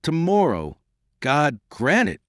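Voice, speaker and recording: A man's voice: medium pitch, sing-song, brisk, no echo, studio quality. A man voicing a pleading, impulsive young noblewoman in an audiobook reading. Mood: imploring. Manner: imploring, emotional.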